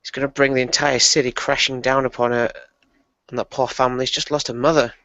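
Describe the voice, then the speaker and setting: A man voicing a determined swordsman in a tabletop game, muttering his lines low and quiet. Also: flat delivery, fairly quick, dry recording, lightly acted. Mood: grim. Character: grim determined male swordsman posing as a shrimp farmer. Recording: dry, muffled recording.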